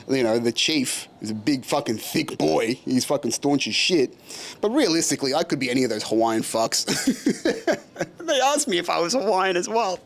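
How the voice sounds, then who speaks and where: A young Australian man with a casual podcast manner, telling a story with a lot of swearing and frequent laughter. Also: mid-range voice. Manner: laughs often, profane, self-mocking. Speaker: podcast host.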